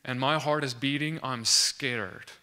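A young man recounts a faith testimony in a very bright, crisp, clear voice. He tells it earnestly and acts out the dialogue, restarting his sentences as he goes. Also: medium pitch, fairly even intonation, measured pace. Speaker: student sharing a faith testimony. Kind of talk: animated testimony storytelling.

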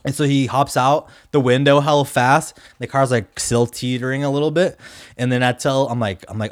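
A man chats casually on a podcast, rambling through a story with slang and plenty of fillers. His voice sits in an ordinary middle pitch. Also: fairly even intonation, normal speed. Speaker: podcast co-host.

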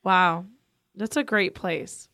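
A woman's voice: lowish voice, steady tone, slow, sharp tone, dry recording, studio quality. A young woman who sings, co-hosting a podcast in casual chat, talking in a chatty way and earnestly giving advice on vocal health. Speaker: podcast co-host, singer. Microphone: podcast microphone.

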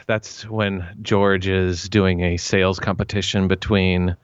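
A man's voice: low-pitched, flat delivery, takes it slowly, smooth, dry recording, lo-fi sound. A man chatting as a guest on a podcast, joking around and slipping into silly voices. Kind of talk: casual podcast chat.

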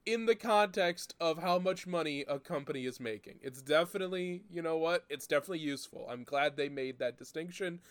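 A man hosting a casual podcast chat, an animated, profane storyteller who laughs often. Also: fairly high pitch, a little fast, hardly any pauses, dry recording.

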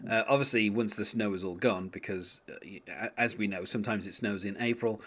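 A man's voice: on the low side, a little fast, a bit bright. A young man chatting casually about song lyrics as a podcast co-host, rambling with many fillers and restarts.

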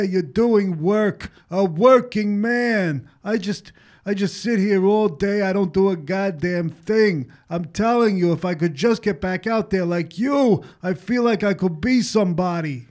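A man playing a cranky old father, slow and high. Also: a little mellow. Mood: complaining. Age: older. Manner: halting, cranky, trails off mid-sentence. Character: grumbling elderly father in nursing home. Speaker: nursing home resident father.

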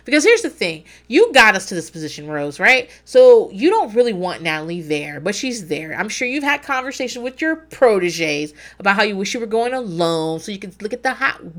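A woman hosting a podcast, giving blunt, profane commentary and telling stories from her own life. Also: mid-range voice. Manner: blunt, profane, animated storytelling. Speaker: podcast host.

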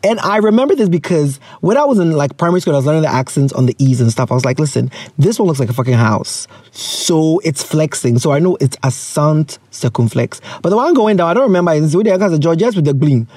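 A man's voice: on the high side, animated, quick pace, hardly any pauses, a little mellow, no echo. A man in his thirties hosting a casual chat show, playful and chatty, mixing in local slang. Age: 30s. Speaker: podcast host.

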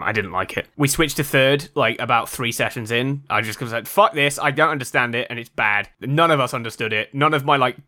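Bright, ranting man on a podcast. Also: mid-range voice. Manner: ranting, blunt, laughing often. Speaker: co-host. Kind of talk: casual podcast chat.

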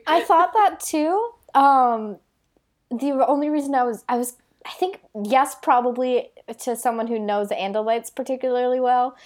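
A woman's voice: high-pitched, moderate pace. A woman co-hosting a podcast in casual chat, making dry, wry asides. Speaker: podcast co-host.

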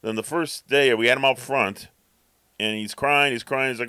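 A man's voice: medium pitch, fairly even intonation, fairly quick, sharp tone, clear, resonant tone, no room sound. A man co-hosting a podcast, telling a rambling story in casual chat and acting out his cat's thoughts. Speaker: podcast co-host.

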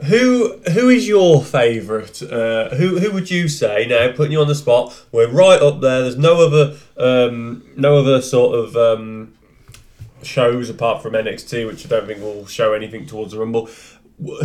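A man from Britain co-hosting a casual wrestling podcast chat, talking in a halting way with lots of ums and restarts. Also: mid-range voice, lively intonation, a little mellow. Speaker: podcast co-host running the segments.

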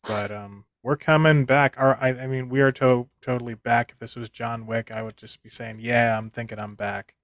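A man's voice: medium pitch, steady tone, normal speed, hardly any pauses, no room sound. A man co-hosting a podcast in casual chat, joking and rambling with self-deprecating humor. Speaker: podcast co-host.

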